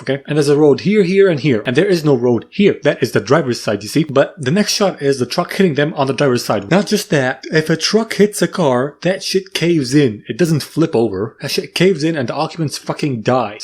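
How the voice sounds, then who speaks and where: A man's voice: fairly high pitch, a little mellow, husky. A young man narrating comedic movie recaps in a crude, mocking way, often breaking into silly voices.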